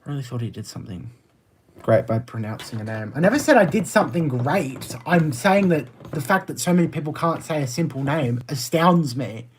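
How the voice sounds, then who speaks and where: With lively intonation and a slightly fast pace, this Australian man in his 20s replies to livestream viewer comments in a casual, blunt, exasperated way. There's slight background noise, and his pitch jumps high with indignation when he rants.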